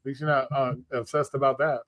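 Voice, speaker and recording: A man's voice: mid-range voice, little pitch movement, fast, a crowd in the background. A man hosting a crude casual chat show, blunt and joking, swearing freely. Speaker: show host.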